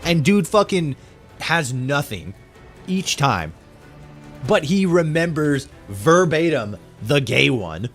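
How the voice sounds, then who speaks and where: A man's voice: fairly high pitch, very animated, slow, fairly bright tone, faint music behind. Profane rambling young male streamer. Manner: rambling, profane, full of restarts and laughs. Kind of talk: casual live-stream chat while gaming.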